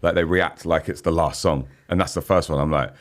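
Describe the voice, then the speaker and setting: A man's voice: extremely low pitch, fairly even intonation, a little fast. A man in his forties, a guest musician chatting casually in a podcast interview, laughing often and saying "you know what I mean" a lot. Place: podcast studio.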